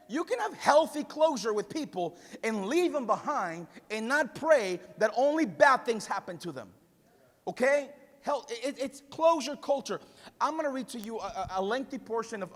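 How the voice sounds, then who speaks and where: A pastor with a Spanish-influenced English accent preaching a passionate sermon, building to shouts with conversational asides. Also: male voice, high voice, in a large hall.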